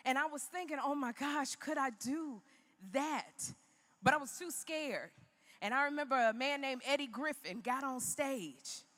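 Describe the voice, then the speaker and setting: A woman in her fifties giving a humorous, preacherly motivational keynote, acting out the voices in her stories. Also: on the high side. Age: 50s. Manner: animated, humorous, preacherly, acts out quoted voices. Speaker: keynote speaker. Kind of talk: motivational speech with comic storytelling. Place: large indoor arena. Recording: long arena reverb.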